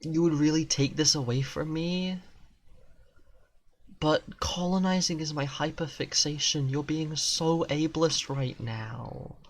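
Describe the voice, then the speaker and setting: A man's voice: on the high side, slow pace. A young man streaming a game live, rambling and joking in casual chatter, often restarting mid-sentence. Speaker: gaming streamer.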